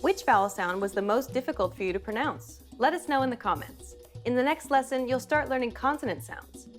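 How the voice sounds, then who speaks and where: A woman giving scripted narration for a pronunciation lesson, in a clear, even instructional delivery. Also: high voice, brisk, faint music behind.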